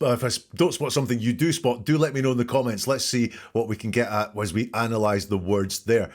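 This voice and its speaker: A male host gives analytical commentary, picking apart quotes and asking probing questions. His voice sits in a middle pitch. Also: darkish tone.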